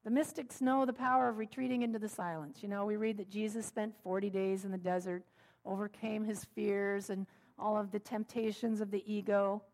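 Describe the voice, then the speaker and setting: Woman preaching on mindfulness with gentle humor. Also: medium pitch, fairly even intonation, fairly quick, vocal fry. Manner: warm storytelling with gentle humor. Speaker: minister. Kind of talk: sermon.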